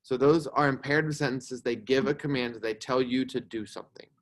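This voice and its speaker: A man's voice: mid-range voice, fairly even intonation, brisk. A young man teaching a grammar lesson to a class, explaining patiently and checking in with "right?" as he goes.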